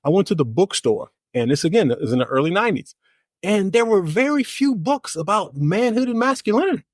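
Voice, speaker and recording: A man's voice: high-pitched, very animated, fairly quick, dry recording. Middle-aged guy on a podcast, emphatic and upbeat, repeats his points, dry close sound. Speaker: guest, life coach and author. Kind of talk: podcast interview.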